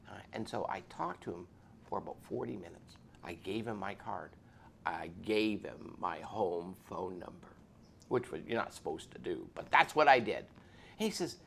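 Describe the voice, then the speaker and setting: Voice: low voice, animated, normal speed, vocal fry, fairly bright tone, slight background noise. A police officer giving an earnest, preachy spoken testimony.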